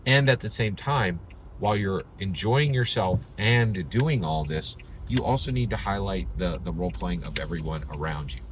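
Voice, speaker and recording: A man's voice: low voice, animated, moderate pace, background noise. A man hosting his own vlog, talking in an emphatic, sarcastic commentary style full of rhetorical "right?"s. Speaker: channel host.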